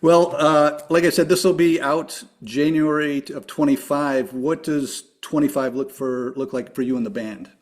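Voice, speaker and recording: A man hosting a podcast interview, upbeat and friendly as he asks his guest quick questions. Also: a little high, fairly even intonation. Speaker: podcast host. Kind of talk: casual interview.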